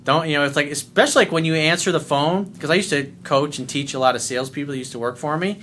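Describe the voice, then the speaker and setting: A man with a loud, bright, forceful voice pitched a bit high talks straight to the camera as a life coach. His delivery is blunt and peppered with curses, and he keeps a smile in his voice as he talks. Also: fast, slight background noise. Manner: blunt and profane; smiling while talking. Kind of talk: casual monologue video.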